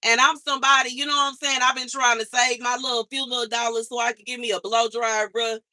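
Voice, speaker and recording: A woman's voice: a little high, little pitch movement, quick pace, bright, forceful tone, no echo. A woman livestreaming, venting in an exasperated, slangy way and repeating herself as she complains. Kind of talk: casual livestream rant.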